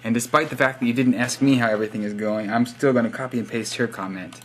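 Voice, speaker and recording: A man's voice: mid-range voice, steady tone, fast talker, slight background noise. Sarcastic young man teasing viewers. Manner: sarcastic teasing, reads profiles aloud with wry asides. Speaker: vlogger giving subscriber shoutouts. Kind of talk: casual joking monologue.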